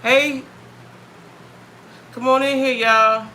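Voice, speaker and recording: A chatty woman with a drawl, hosting a live stream from home on a phone or webcam. Her voice is very bright and forward, and she greets viewers by name and circles back over her own words. A faint hum of room noise sits under her. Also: high-pitched, steady tone, extremely slow. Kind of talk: casual live-stream chat.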